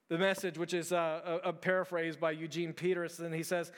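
Male pastor, high voice, casual sermon delivery with frequent restarts, long church reverb. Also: flat delivery, brisk, hardly any pauses. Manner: conversational, repeats words, frequent fillers and restarts. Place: large church hall.

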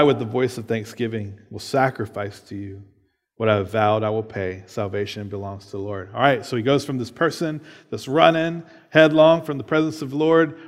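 Man preaching in a reverberant hall. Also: medium pitch. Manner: casual preaching, many "right?" and "like". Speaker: pastor. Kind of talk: sermon with scripture reading.

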